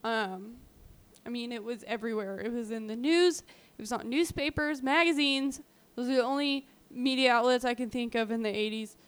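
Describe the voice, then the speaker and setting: This podcast co-host has a slightly high voice, a steady tone, and a smooth delivery at normal speed. She's casually recounting a true-crime case, filling it with "um"s and "like"s and performing the quoted lines.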